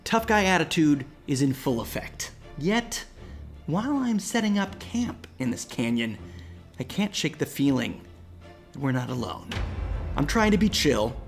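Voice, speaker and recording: Animated man telling a ghost story. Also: on the high side. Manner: dramatic, swings between hushed whispers and excited outbursts. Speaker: host and storyteller. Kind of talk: campfire ghost story narration.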